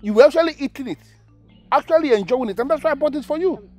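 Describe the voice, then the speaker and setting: Nigerian accent, doting young husband, halting, earnest, lively pitch, faint music behind. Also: male voice, slightly rough. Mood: confused. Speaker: actor. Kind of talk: Nollywood film acting.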